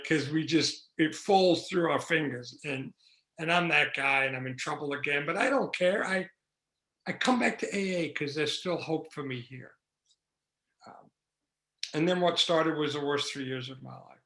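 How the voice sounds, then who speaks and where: A man's voice: a little high, moderate pace, fairly bright tone, reverberant. A man speaking at a recovery meeting, telling his story candidly and with self-mockery, using rhythmic repetition and acting out the voices in his head. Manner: acts out inner voices and dialogue.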